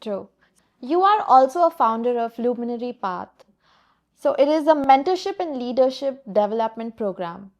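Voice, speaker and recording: A woman hosting an interview podcast who asks brief, soft-spoken questions, filling them with "like.". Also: a little high, expressive, moderate pace. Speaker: podcast host.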